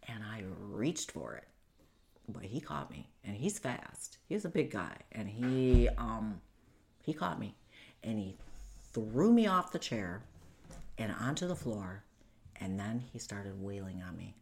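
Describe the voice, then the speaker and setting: Female guest, very low register, earnest and halting personal account. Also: animated, darkish tone. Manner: earnest, halting, with frequent fillers and restarts. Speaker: guest recounting domestic abuse. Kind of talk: personal storytelling in an interview.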